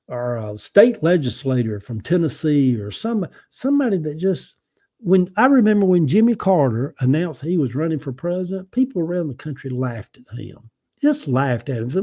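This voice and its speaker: Older southern guy rambling on a livestream, kinda high voice but mellow, keeps clearing his throat. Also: sing-song, moderate pace. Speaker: livestream host. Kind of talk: casual livestream chat reading viewer comments.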